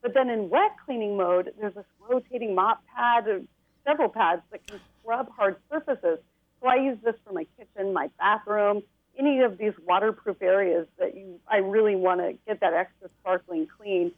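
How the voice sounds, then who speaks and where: A woman's voice: medium pitch, moderate pace, no room sound. A woman giving a bubbly, enthusiastic rundown as a tech expert guest on a TV segment, laughing now and then. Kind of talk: TV segment interview, product rundown. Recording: tinny phone line.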